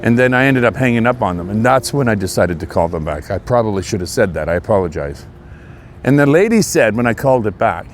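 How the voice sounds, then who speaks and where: A Canadian man talks straight to the camera while out walking, his pitch rising and falling in wide swings. He sounds earnest and indignant, leaning into a preachy tone. Faint traffic hums behind him outdoors. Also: expressive, fast talker. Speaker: vlogger. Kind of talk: casual walking monologue. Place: outdoors on a walk near traffic.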